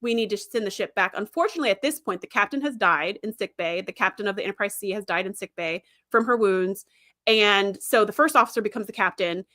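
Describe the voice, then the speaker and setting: A woman hosting a livestream, chatting about a TV series in an animated, casual way and laughing often. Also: mid-range voice, fast. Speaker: livestream host. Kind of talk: casual fan commentary.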